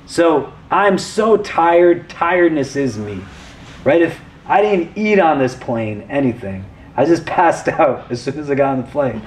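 A man's voice: on the high side, expressive, measured pace, slight background noise. A man in his thirties gives a casual, conversational lesson as a religious teacher, often checking in with the listener. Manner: conversational, often checks in with "right?" and "does that make sense?".

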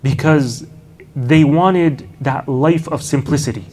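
Here a slightly high, slightly mellow male voice takes an unhurried approach to early Islamic history. The lecture is full of storytelling, with Arabic honorifics and laid-back "you know" asides appearing often.

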